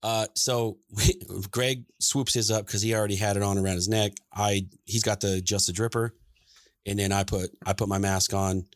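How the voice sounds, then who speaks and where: A man's voice: on the low side, fairly even intonation, normal speed, no room sound, studio quality. A middle-aged man co-hosting a podcast, telling rambling stories in casual chat and laughing often. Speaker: podcast co-host.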